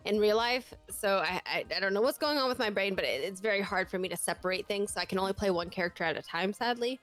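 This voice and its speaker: A woman's voice: mid-range voice, quick pace, a bit bright, faint music behind. Chatty woman with a slight Texan accent. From Texas. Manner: rambling, self-deprecating, talkative. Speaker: podcast guest, roleplayer. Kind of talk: casual chat.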